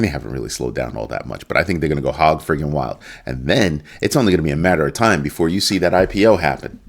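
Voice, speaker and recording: A middle-aged man delivers casual commentary on his own, emphatic and animated. He is a crypto news commentator who acts out quotes and bursts into sudden high-pitched exclamations.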